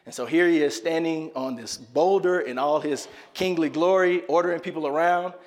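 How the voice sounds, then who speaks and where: A man's voice: a little high, normal speed, long reverb tail. A male pastor delivering a sermon in a conversational, storytelling way, often repeating words as he builds his point.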